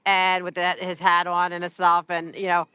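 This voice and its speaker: Casual livestream host, teasing and rambly; bright, forceful voice, dry close phone sound. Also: mid-range voice, completely flat delivery, moderate pace, clear, resonant tone, dry recording. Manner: rambling, full of "like" and "you know"; teasing, chatty. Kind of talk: casual livestream chat with viewers.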